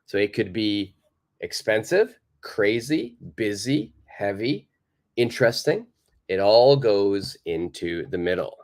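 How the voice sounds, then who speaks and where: Slow, lively-voiced male English teacher. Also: fairly low pitch. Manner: slow, explaining patiently with many repeats; reads out and answers viewer questions. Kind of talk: live online lesson.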